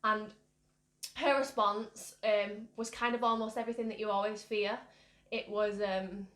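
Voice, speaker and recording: This young woman from the United Kingdom, who vlogs about mental health, rambles candidly through a personal story with lots of fillers. Her voice is mid-range, steady and fairly bright, a little slow, in a roomy, echoey space.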